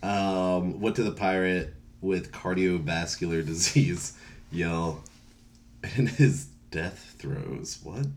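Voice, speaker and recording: A man's voice: deep voice, takes it slowly, a little mellow. A young man co-hosting a casual podcast, laid-back and chuckling often, with lots of "um" and "like". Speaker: podcast co-host.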